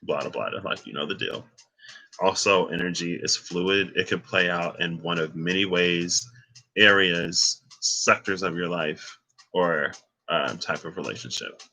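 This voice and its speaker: A tarot reader gives a casual, rambling reading, thinking aloud with asides, exclaiming and bursting into laughter between points. His voice is deep, bright and forceful, a little slow, and the recording is low quality.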